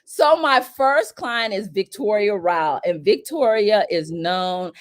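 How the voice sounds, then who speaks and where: A woman from North Carolina, a celebrity publicist telling stories as an interview guest, animated and acting out what people said in a raised voice. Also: mid-range voice, takes it slowly. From North Carolina, USA. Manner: animated, acts out quotes in a raised voice. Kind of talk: storytelling in an interview.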